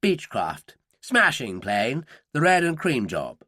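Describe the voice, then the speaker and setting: A man voicing a breezy upper-class English gentleman with a clipped upper-class English accent. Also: mid-range voice, wildly swooping pitch, slow pace, no echo, clean studio sound, heavily acted.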